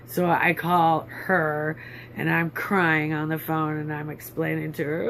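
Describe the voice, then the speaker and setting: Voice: mid-range voice, monotone, measured pace, gravelly, a bit bright, a little hiss or hum. An adult vlogger telling a long personal story in a rambling, bitter, indignant way, with many fillers.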